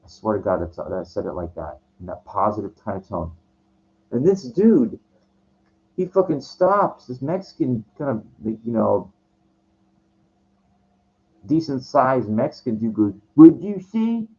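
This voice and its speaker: A man's voice: lowish voice, sing-song, a little slow, pauses often, a little mellow. A man telling a story in a casual rant, agitated and profane, often stumbling and restarting his sentences. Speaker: vlogger. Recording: dull lo-fi recording.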